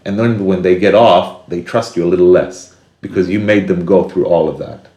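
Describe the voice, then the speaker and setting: A deep-voiced man talks in an earnest, reflective way, thinking aloud in casual conversation. His low voice carries a noticeable room echo. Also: steady tone, moderate pace, dark tone. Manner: earnest, acts out inner voices with sudden high bursts.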